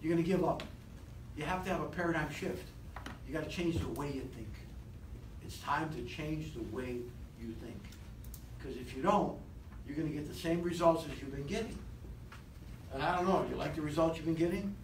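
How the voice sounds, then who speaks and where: A man leading a live motivational sales seminar, animated and rousing, constantly quizzing his audience, recorded from a distance in an echoey training room. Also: on the high side, normal speed, long pauses. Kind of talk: live seminar talk to a class. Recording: echoey room, distant mic, faint hiss.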